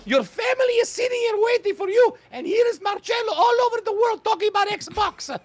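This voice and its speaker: A man doing a shrill old Italian grandma. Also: lively intonation, a little fast. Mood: scolding. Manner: shouting, high-pitched and scolding. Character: loud old Italian grandmother scolding at dinner.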